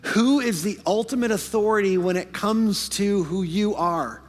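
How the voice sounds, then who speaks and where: High-voiced pastor preaching in a hall. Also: male voice, faint music behind. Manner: preaching with swings from hushed to fervent, rapid asides. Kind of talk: sermon. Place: church sanctuary.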